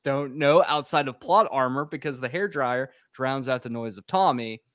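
A man's voice: medium pitch, normal speed, fairly bright tone, no echo. A man co-hosting a podcast who recaps a film with sarcastic, profane storytelling. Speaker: podcast co-host.

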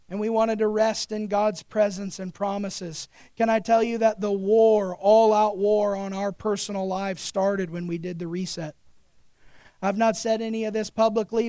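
A man preaching a sermon as pastor, moving between loud urgent exhortation and quiet, hushed confession. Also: sits high, clear, resonant tone, no echo, clean studio sound. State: recovering from pneumonia.

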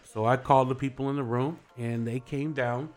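A middle-aged man, a guest on a morning show, telling a story in casual chat. He is animated, laughs often and acts out what people said. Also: mid-range voice, normal speed, faint music behind.

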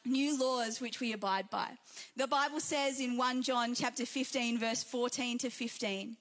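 A young woman with an Australian accent delivers an emphatic sermon. Her voice sits high, and she repeats her main phrases to drive them home. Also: fairly even intonation, unhurried, fairly bright tone. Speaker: pastor.

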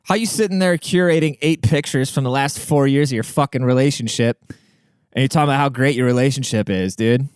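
A man's voice: medium pitch, brisk, darkish tone, clean tone, no echo, studio quality. A young man hosting a solo podcast, ranting in a brash, profane, swaggering way. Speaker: podcast host.

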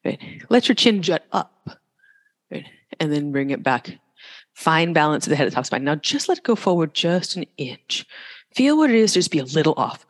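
A yoga teacher giving live cues in a studio with a long reverb tail. The speech is casual and joking between breath and pose counts, at a mid pitch. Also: big pitch swings, normal speed. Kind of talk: live class instruction.

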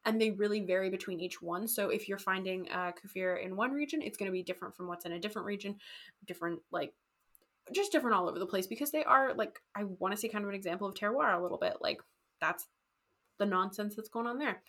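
A woman casually telling a history story on a podcast, animated and jokey, acting out quotes. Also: medium pitch, quick pace. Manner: animated, jokey, acts out quotes in goofy voices. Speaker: podcast co-host.

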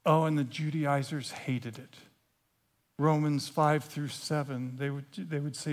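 A man preaching a sermon as a dramatic story, swinging from hushed confession to loud outbursts. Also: fairly high pitch, fairly even intonation, unhurried.

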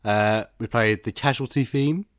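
A man's voice: medium pitch, moderate pace, clean tone, no room sound. A man co-hosting a podcast with a stuffy nose and head cold, chatting casually with dry, self-mocking banter. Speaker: podcast co-host. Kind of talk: casual chat.

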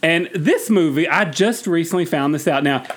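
A man's voice: on the high side, expressive, moderate pace. A man in his forties co-hosting a podcast with enthusiastic, rambling, laughing casual chat. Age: 40s. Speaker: podcast co-host.

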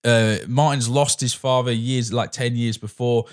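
A man's voice: medium pitch, fairly even intonation, a little slow. Chatty man reviewing a film. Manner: rambling, restarts, acts out quoted dialogue. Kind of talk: casual film review chat.

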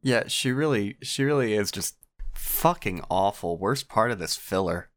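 A podcast host joking crudely in comedic banter, with a drawn-out delivery. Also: mid-range voice, expressive, no echo, studio quality.

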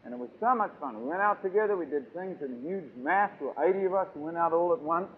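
A man preaching a sermon, emphatic and swinging between loud and soft. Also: fairly high pitch, expressive, quick pace, slight background noise. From New Zealand. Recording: tinny lo-fi phone-like recording.

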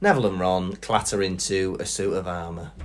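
A man's voice: low voice, fairly even intonation, a little fast. A man co-hosting a casual chat show, playful and prone to jokey voices. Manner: playful, does silly character voices. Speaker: podcast co-host.

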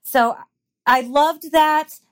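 A woman's voice: sits high, steady tone, very slow. A woman chatting as a guest on a podcast, enthusiastic and opinionated. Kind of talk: casual chat.

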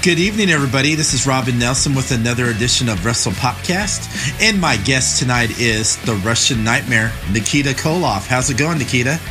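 A man's voice: mid-range voice, lively intonation, brisk, hardly any pauses, music in the background. A man hosting a podcast interview, asking questions casually with hesitant ums and uhs. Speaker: podcast host.

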